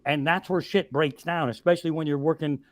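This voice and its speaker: A man's voice: on the high side, steady tone, a little fast, dry recording. A man, a stand-up comedian, telling stories on a podcast with heavy swearing and exasperated rants. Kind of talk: profane comic storytelling. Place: podcast studio.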